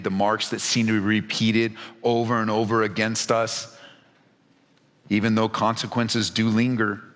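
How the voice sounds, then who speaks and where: A male pastor preaching, reading scripture and then applying it with passionate, rising emphasis and repeated words. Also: fairly bright tone. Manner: impassioned, rising pitch in emphatic stretches; repeats words when stressing a point. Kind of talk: sermon. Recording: long hall reverb.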